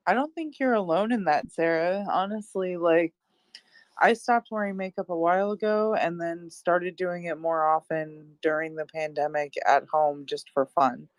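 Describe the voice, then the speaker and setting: Low-voiced woman, friendly and laughing easily. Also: moderate pace, no echo. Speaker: guest co-host. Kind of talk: casual chat on a live audio room.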